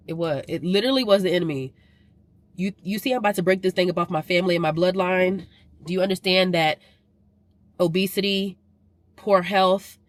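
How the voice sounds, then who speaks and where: A woman's voice: fairly low pitch, no room sound. A woman from Louisiana, talking emphatically to camera in a casual vlog and repeating phrases for effect. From Southern US, Louisiana. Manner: emphatic, preacher-like repetition and rising intensity. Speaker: vlogger.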